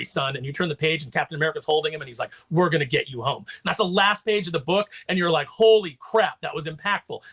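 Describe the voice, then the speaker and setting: A man who is a comics writer and editor, guesting on a casual chat and retelling things rapidly and passionately. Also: on the high side, bright, forceful tone.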